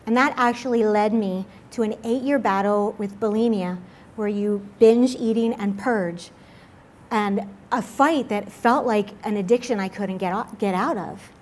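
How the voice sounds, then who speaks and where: A woman's voice: medium pitch, measured pace. A young woman giving an earnest personal testimony at a church service, talking in a confessional way with lots of filler words. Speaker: speaker at a church midweek service.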